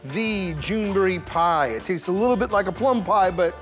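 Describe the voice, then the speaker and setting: A man's voice: sits high, lively intonation, normal speed, a bit bright, soft background music. A man from New York presenting state dishes in a playful, pun-heavy showman style. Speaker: food show host. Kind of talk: punny scripted food presentation.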